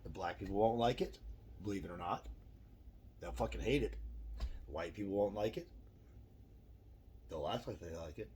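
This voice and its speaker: Middle-aged man, low voice, swearing rant, rambling vlog monologue. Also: normal speed, long pauses, darkish tone, a little hiss or hum. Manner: profane, ranting, self-deprecating. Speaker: vlogger.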